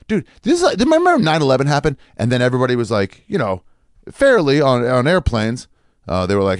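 Profane ranting man, lively pitch. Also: fast talker, no echo, clean studio sound. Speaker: comedian. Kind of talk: rambling comic monologue.

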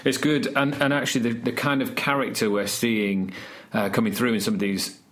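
A man's voice: mid-range voice, fairly quick. Man telling church stories. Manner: storytelling, animated, many restarts. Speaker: student church leader. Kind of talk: casual podcast conversation.

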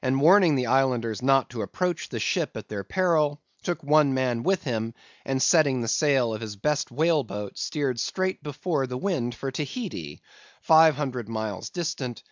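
A man's voice: mid-range voice, lively intonation, moderate pace, no room sound, muffled recording. A man narrating a classic sea novel as an audiobook reader. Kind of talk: scripted narration.

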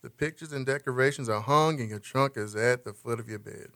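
A gentle, loving father, as an actor plays him, speaking in a clear, bright, forward voice. He sounds close and dry as he reassures his daughter. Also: mid-range voice, a little fast, dry recording, close to an everyday voice. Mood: tender. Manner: warm-hearted, reassuring talk.

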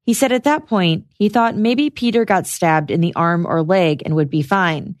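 A woman hosting a podcast, giving a measured, scripted narration of a trial's testimony. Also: lowish voice, dry recording, studio quality. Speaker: podcast host. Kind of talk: scripted true-crime narration.

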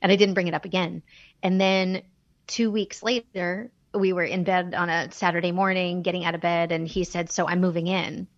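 A woman's voice: fairly low pitch, normal speed, dry recording, lo-fi sound. A woman telling a personal story in a podcast chat, candid and emotional, acting out the dialogue she quotes. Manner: animated, acts out quoted dialogue. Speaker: guest.

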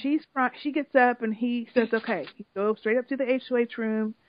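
Animated high-voiced woman retelling a story. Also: fairly quick, slight background noise. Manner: animated, emotional storytelling with swearing. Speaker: podcast co-host recapping a reality show. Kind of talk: casual chat. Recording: dull lo-fi sound.

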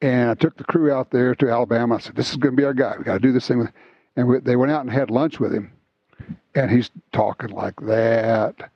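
A man hosting a casual talk show, telling stories in an animated, chatty way. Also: medium pitch, fairly quick, breathy edge, no room sound. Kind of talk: casual chat, storytelling. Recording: slightly dull lo-fi sound, dry.

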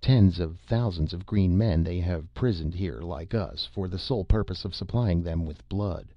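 A man's voice: deep voice, moderate pace, no echo, highs cut off. Man voicing a stilted earnest green alien. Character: tall proud green-skinned alien man, eager.

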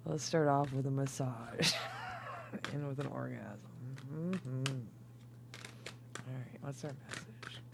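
A tipsy woman doing a casual, rambling tarot reading, swinging between loud outbursts, laughter and whispers. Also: a bass voice, takes it slowly, vocal fry, long pauses, background noise. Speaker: tarot reader.

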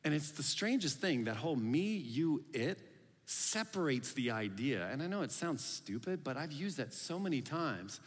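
A man's voice: a little high, big pitch swings, normal speed, slightly rough. A man preaching a sermon as pastor, talking in a loose, conversational and playful way and often acting out the voices of people he quotes. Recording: long hall reverb.

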